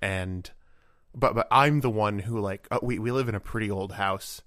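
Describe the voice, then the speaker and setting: A man's voice: lowish voice, normal speed, a bit bright, dry recording. A man co-hosting a casual podcast, with dry teasing humor. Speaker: podcast co-host. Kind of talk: casual chat.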